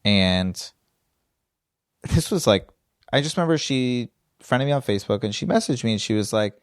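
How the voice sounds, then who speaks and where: A man's voice: mid-range voice, lively intonation, normal speed, pauses often, dry recording, studio quality. Wry man, comedian guest. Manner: wry, self-deprecating anecdotes. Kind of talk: casual chat.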